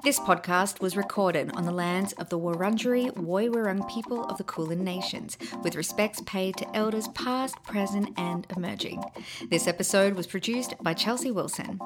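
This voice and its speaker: A woman's voice: medium pitch, normal speed. A woman hosting a podcast, polite and upbeat as she asks questions and signs off. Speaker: podcast host. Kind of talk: interview and scripted outro. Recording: music playing behind.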